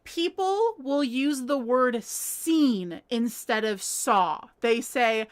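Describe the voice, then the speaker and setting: A woman's voice: a little high, lively intonation, slow, few pauses. A woman chatting casually on a home livestream while crocheting, giggling often and reading viewers' comments aloud. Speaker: livestream host.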